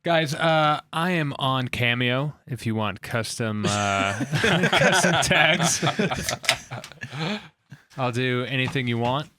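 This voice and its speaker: Slow-talking bright-voiced guy joking around. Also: mid-range voice. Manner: joking, laughs often, puts on silly moaning voices. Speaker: podcast co-host. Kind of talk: casual chat.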